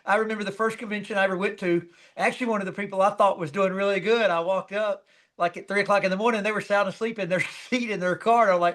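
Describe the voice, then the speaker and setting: A man with a high voice for a man hosts an interview as a coach. He talks fast and with an upbeat, encouraging manner. His tone stays conversational as he sets up questions for his guest. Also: steady tone, a bit bright. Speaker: coach and show host. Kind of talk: hosting an interview.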